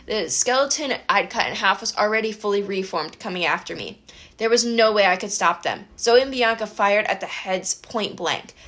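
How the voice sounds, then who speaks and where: A woman reading a first-person adventure audiobook with brisk, expressive storytelling. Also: medium pitch. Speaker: audiobook narrator.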